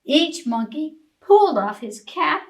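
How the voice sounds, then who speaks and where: A woman librarian reading a picture book aloud to young children, expressive and asking them questions. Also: high voice, background noise. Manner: slow, sing-song, expressive, asks children questions. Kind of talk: preschool storytime reading.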